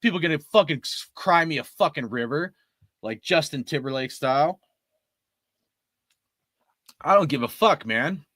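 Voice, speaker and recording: A man's voice: a little high, lively intonation, normal speed, pauses often, a bit bright, no room sound, clean studio sound. A man in his forties ranting about his team in a heated, profane way. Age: 40s. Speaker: sports fan commentator. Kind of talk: ranting fan commentary.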